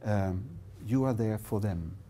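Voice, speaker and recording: Dutch-accented middle-aged male trainer, mellow tone, halting English with fillers, small classroom. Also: fairly low pitch. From Netherlands. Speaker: workshop trainer. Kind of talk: live workshop presentation.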